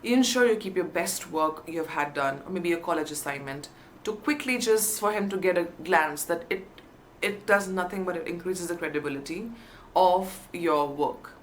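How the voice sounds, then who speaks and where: A woman's voice: on the low side, normal speed, slight background noise. A woman coaching viewers on job interviews in an emphatic, encouraging way. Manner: emphatic, stresses key words, upbeat encouragement. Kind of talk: teaching to camera.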